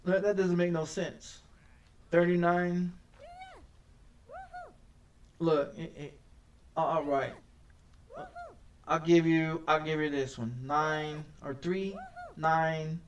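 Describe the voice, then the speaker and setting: A man's voice: fairly high pitch, steady tone, takes it slowly, long pauses, far from the mic, a little hiss or hum. A man streaming a game and ranting as he plays, swearing often and stammering over repeated words. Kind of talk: casual gameplay commentary.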